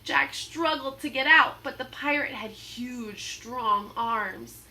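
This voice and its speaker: A woman reading a children's book aloud in an expressive, dramatic storytelling manner. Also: a little high, slow. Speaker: storybook reader.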